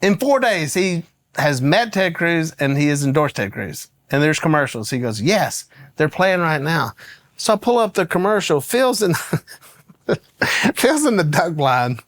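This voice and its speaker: Animated Southern man telling a story. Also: on the high side, a little slow, no room sound. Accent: Southern American. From American South. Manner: animated, laughs through his story. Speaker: guest. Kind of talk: casual storytelling.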